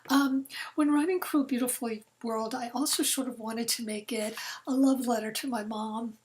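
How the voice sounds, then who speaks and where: A woman in her sixties, a novelist telling a personal story to an audience, earnest and dropping to soft near-whispers at heavy moments. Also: fairly high pitch, steady tone, normal speed, a little hiss or hum, poor audio. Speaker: novelist giving a talk.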